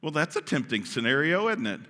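A man teaching from the Bible in sermon style, animated and playful, asking his audience questions. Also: a little high, a little fast. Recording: long hall reverb.

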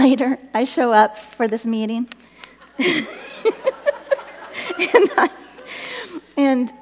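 A woman's voice: a little high, big-room sound. A woman giving a personal testimony talk at a church gathering, telling her story earnestly and acting out the voices in it. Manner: earnest, animated storytelling with laughs and acted quotes. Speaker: speaker at a church women's gathering.

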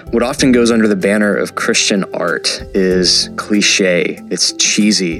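A man hosting a podcast, reading a scripted intro in a measured, earnest way. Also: deep voice, fairly bright tone. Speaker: podcast host. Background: music.

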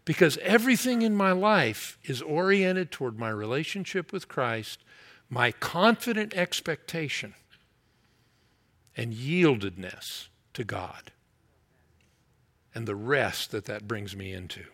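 A man preaching a sermon, earnest and emphatic, easing into a slow, heartfelt prayer. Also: mid-range voice, animated, a bit bright. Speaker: pastor.

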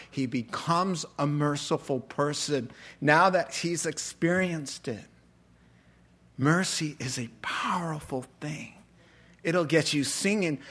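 A man preaches, walking his listeners slowly through a story. His voice sits a little high, and he takes his time, often slipping into the characters' own words with animated delivery. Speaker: pastor. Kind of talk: sermon.

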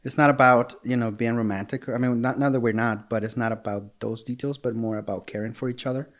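Male guest, 30s, halting with lots of "uh", wry humor. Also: mid-range voice, steady tone. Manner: hesitant, many "uh" and "um", dry jokes. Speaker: podcast guest. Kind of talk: casual interview chat.

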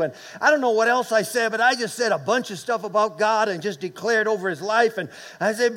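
A man's voice: high-pitched, fairly quick, hardly any pauses, a bit bright. A man in his late fifties or older preaching a sermon, telling a personal story and calling on the congregation to respond. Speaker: pastor.

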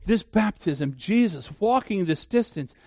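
Animated high-voiced male preacher. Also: measured pace, no echo, studio quality. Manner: asks the listeners questions and answers them himself; emphatic preaching. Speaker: pastor. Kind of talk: sermon.

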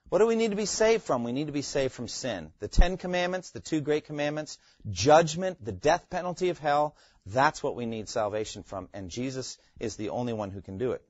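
A man's voice: mid-range voice, animated, moderate pace, no echo, dull audio. Man teaching a Bible class. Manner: asks the class questions and repeats key phrases.

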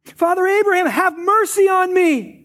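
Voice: very high-pitched, moderate pace, fairly bright tone, pitched above the performer's own voice. A preacher voicing a proud rich man in hell who pleads for water while still giving orders. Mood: pleading.

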